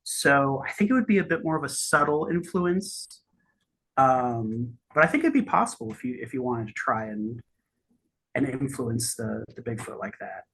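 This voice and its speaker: A game master narrating a tabletop game in a halting way, with many restarts and fillers. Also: medium pitch, very animated, creaky, a bit bright, slight background noise.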